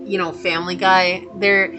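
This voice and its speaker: A woman's voice: fairly low pitch, flat delivery, normal speed. A woman giving a casual spoken tarot reading, chatty and reassuring, with many fillers and restarts. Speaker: tarot reader. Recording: music playing behind the voice.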